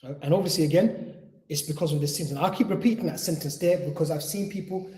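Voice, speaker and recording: A man's voice: on the high side, quick pace, warm tone. A man teaching a lecture at an Islamic centre, talking earnestly, repeating his points and acting out what patients say. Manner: repetitive, earnest, acts out quoted patients. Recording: roomy echo.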